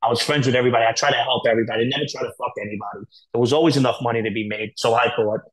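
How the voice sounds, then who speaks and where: Fast-talking blunt man telling stories. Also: medium pitch, steady tone, poor audio. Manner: rapid, blunt, profane, filler-heavy storytelling. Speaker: podcast guest. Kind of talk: candid storytelling interview.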